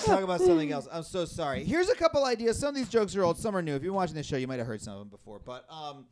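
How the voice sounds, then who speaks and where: A man's voice: fairly high pitch, very animated, racing, a little mellow. A man hosting a live stand-up comedy show, rambling and self-deprecating, often laughing at his own jokes. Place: live comedy venue with audience.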